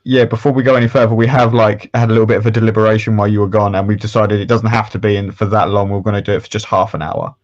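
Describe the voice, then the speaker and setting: A man's voice: on the low side, flat delivery, racing, few pauses. A man co-hosting a casual live stream, joking, swearing and laughing. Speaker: co-host. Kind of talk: casual group chat. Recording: dull lo-fi stream audio.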